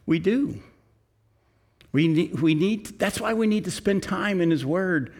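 An older man preaching a sermon, reading scripture slowly and emphatically and then talking to the congregation in an earnest, conversational way. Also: high-pitched, lively intonation. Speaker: pastor.

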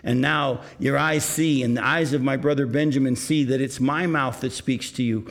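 A man's voice: mid-range voice, fairly even intonation, normal speed. A man preaching a sermon, reading scripture aloud and explaining it to his congregation. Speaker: pastor.

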